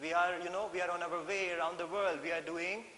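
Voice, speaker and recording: A man voicing a brisk woman nanny who refuses to linger, repeating himself emphatically in an echoey room with a faint hiss. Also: sits high, level tone, bright, forceful tone. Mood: insistent.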